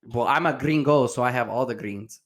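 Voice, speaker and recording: A man's voice: mid-range voice, brisk. A man co-hosting a comedy podcast, bantering in a playful, slangy way. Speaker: podcast co-host. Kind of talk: casual comedic chat.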